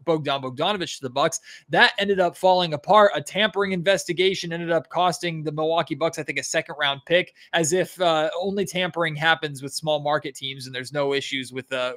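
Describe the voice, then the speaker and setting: A man's voice: a little high, a bit bright. A man hosting a sports podcast, introducing his guest in a chatty way with frequent filler words. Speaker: podcast host.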